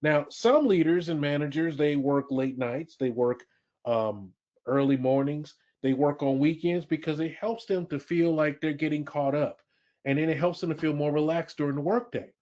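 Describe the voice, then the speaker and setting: A man's voice: fairly high pitch, moderate pace, a little mellow. A man presenting a workplace training webinar, emphatic, repeating key phrases and asking the audience questions. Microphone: webinar audio. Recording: dull lo-fi webinar audio.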